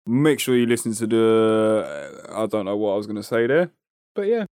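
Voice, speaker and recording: A man's voice: lowish voice, very animated, moderate pace, darkish tone, clean tone, no echo, studio quality. A young man with a London accent, co-hosting a podcast in laid-back, slangy banter. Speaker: podcast co-host. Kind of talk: casual chat. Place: small back room at home.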